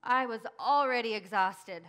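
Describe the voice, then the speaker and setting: A woman's voice: measured pace, fairly bright tone. A woman playing an earnest grieving follower. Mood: hushed. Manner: emotional, breathless storytelling, cries out in high bursts. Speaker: church dramatic monologue performer. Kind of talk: first-person dramatic monologue.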